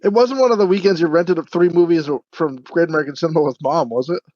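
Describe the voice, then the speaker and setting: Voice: medium pitch, quick pace, darkish tone, no echo. A podcast co-host in casual chat, chatty, often laughing, with lots of filler words. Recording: dry, dull lo-fi mic.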